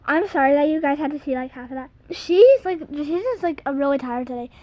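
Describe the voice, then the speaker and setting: A young girl hosts a kids' video, chatting about silly jumping tricks in a high, fairly even, quick-paced voice. She giggles, says "like" constantly, and sings little silly bits. It's a dull, lo-fi home recording.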